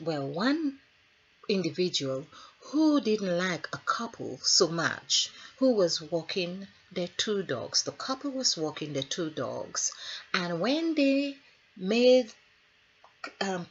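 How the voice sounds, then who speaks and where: A woman's voice: lowish voice, a bit bright, slightly rough. A woman who works as a healer, giving a spiritual numerology talk in a rambling, musing way with storytelling asides. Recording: dull lo-fi recording.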